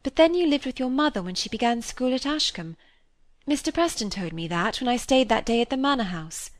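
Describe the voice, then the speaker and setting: An earnest, gentle young girl who speaks gravely and simply, as a woman reads her. She comes from a classic novel. The recording is dry and close. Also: a little high, animated, fairly quick, dry recording, voice pushed up, natural voice. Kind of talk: reading a classic novel aloud.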